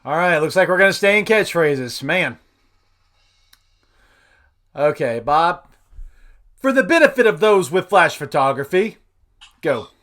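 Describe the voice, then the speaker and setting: Guy hosting a wrestling-trivia-style podcast game, kinda high voice, upbeat and laughy. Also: sing-song, a little slow, long pauses, fairly bright tone. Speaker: game show host.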